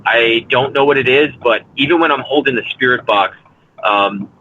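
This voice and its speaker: A man's voice: mid-range voice, moderate pace, pushed and bright, dull audio, slight background noise. A man being interviewed as a paranormal investigator, talking earnestly in long rambling runs full of fillers and restarts. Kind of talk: casual interview talk.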